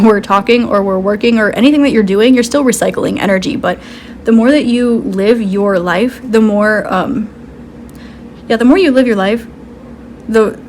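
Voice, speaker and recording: A woman's voice: medium pitch, slight background noise. A woman giving a casual intuitive card reading, rambling with many "um"s and "like"s and laughing easily. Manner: rambling, full of "um" and "like", giggly. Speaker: tarot card reader.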